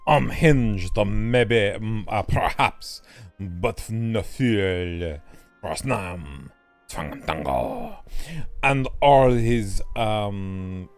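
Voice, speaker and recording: A man's voice: on the low side, animated, dry recording, faint music behind, voice pushed down, full character voice. Guy doing a wobbly french-accent young elf scholar, all formal, keeps stumbling with ums. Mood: earnest. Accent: attempted French accent. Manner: halting reading with fillers. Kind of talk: players reading game dialogue aloud.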